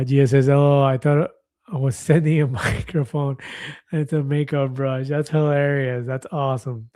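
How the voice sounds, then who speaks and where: A man's voice: mid-range voice, dark tone, no echo. Chatty man in his fifties hosting a livestream. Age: 50s. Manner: chatty, reads viewer comments aloud, laughs easily. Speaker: livestream host. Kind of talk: casual livestream chat.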